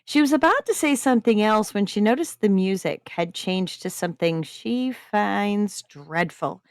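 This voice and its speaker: A woman hosting a writing-prompt stream, reading submitted stories aloud in an expressive way. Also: medium pitch, a little slow, no echo, studio quality. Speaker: podcast host reading submissions. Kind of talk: livestream story reading.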